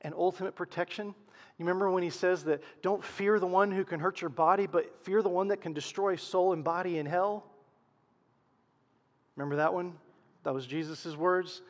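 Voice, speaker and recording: A man preaching a sermon as pastor, swinging from loud emphasis to hushed, quiet lows. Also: in a large hall.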